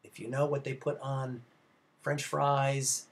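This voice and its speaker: A man's voice: mid-range voice, level tone, takes it slowly, creaky. A male film instructor giving a recorded slide lecture, chatty and rambling, with many filler sounds and restarts, speaking directly to his students. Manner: conversational, addresses students directly.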